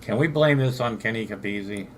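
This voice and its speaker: A man's voice: fairly low pitch, brisk, a little hiss or hum. An older man from Southern California hosting a late-night livestream, rambling profanely and answering his chat. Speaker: livestream host.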